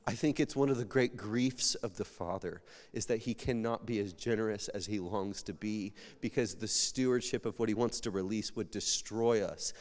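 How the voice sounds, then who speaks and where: A male pastor preaching an emotional sermon, swinging between loud pleading and near whispers while fighting back tears. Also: on the low side, moderate pace, few pauses. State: tearful. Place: church hall. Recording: long reverb of a large hall.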